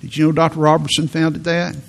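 A man in his sixties preaching a sermon to a congregation, telling a story in a halting way and often repeating his words. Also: fairly high pitch, monotone, creaky. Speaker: pastor.

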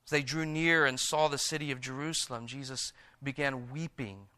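A male preacher with a bright, ringing voice that sits a little high for a man. He drops to a slow, hushed tone for scripture and livens up when he retells it in his own words. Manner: reads scripture in a slow, hushed voice and paraphrases in a lively, animated one.

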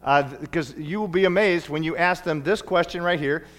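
Folksy middle-aged pastor preaching. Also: male voice, a little high, moderate pace, fairly bright tone. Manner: folksy, playful, often stumbles and restarts. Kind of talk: sermon. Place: church sanctuary.

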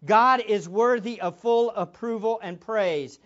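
A man's voice: sits high, a little slow, fairly bright tone, muffled recording. A man preaching a sermon as a pastor, emphatic, with much repetition for stress.

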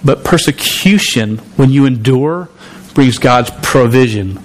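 A man's voice: mid-range voice, animated, unhurried. A man preaching a sermon in a conversational way, often restarting and repeating words. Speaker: pastor.

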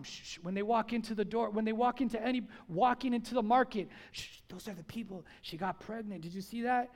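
A man preaching a sermon to his church congregation, speaking emphatically and repeating his key lines. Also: extremely high pitch. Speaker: pastor. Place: church service before a congregation.

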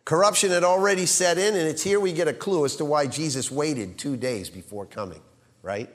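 A male pastor preaching a sermon, swinging between loud emphasis and hushed quiet and asking the congregation rhetorical questions. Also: on the high side, fairly quick, in a large hall.

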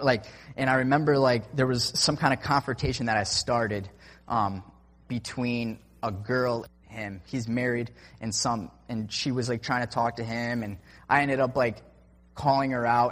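A man's voice: medium pitch, fairly even intonation, normal speed, a bit bright. Rambling young man telling a story, reverberant. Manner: rambling, full of "like" and "I'm like" quotes. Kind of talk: personal story told casually. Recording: long reverb.

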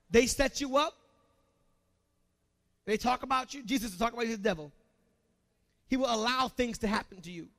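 A man preaching a sermon in an animated, emphatic way, firing off rhetorical questions at the congregation. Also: very high-pitched.

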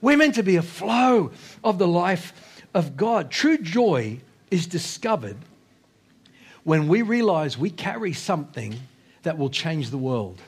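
A man preaching a sermon as pastor, impassioned, repeating phrases, swinging between loud exhortation and hushed low lines. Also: sing-song, unhurried, husky.

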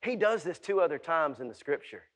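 A male pastor preaching a sermon, swinging from shouted lines to hushed whispers with drawn-out emphasis. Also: fairly high pitch, sing-song. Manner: drawn-out, emphatic delivery to the congregation.

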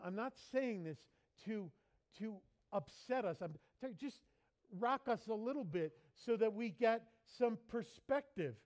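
A man preaching in a church as pastor, lively and playful, mimicking people for laughs. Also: high voice. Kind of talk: sermon.

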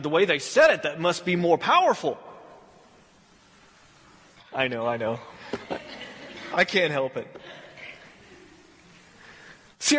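A man preaching a sermon as pastor, conversational and animated, with acted asides. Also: a little high, breathy edge. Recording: long hall reverb.

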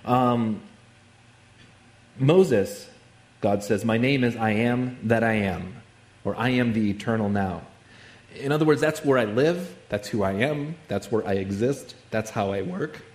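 A man's voice: on the low side, measured pace, a little mellow, roomy sound. A man preaching a sermon in a conversational way, with many asides and fillers. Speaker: pastor.

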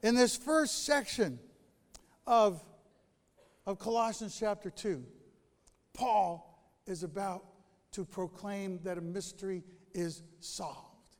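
A male pastor preaching a sermon, telling stories with animated delivery and dramatic pauses. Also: high voice, in a large hall.

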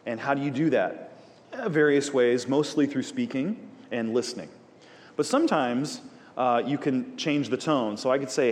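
A man leading a Bible study, praying and then teaching in a conversational, animated way with jokey asides. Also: medium pitch, normal speed. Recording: reverberant hall.

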